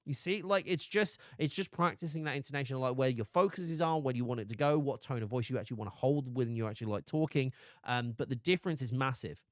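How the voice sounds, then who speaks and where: A man's voice: mid-range voice, quick pace, no room sound, studio quality. A man streaming live, chatting casually and animatedly, often restarting and laughing.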